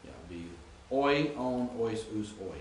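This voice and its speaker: A man's voice: mid-range voice, animated, measured pace, a little hiss or hum. Man lecturing in an echoey classroom. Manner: explanatory, recites word forms. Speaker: Greek teacher.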